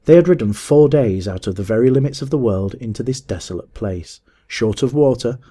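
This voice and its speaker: A man narrating a story in a measured, expressive audiobook reading. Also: mid-range voice, slightly rough.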